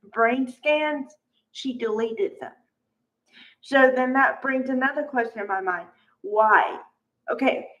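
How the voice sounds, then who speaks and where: A woman's voice: a little high, rough recording. A woman recapping a soap opera in a casual, chatty way, acting out quotes and stopping often with "okay". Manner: chatty, acts out quotes, many okays and asides.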